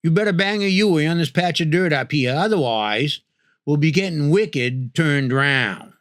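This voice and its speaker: A man voicing a folksy rural local man with a thick Maine accent, speaking in a drawn-out, slow drawl. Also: on the high side, lively intonation, dry recording.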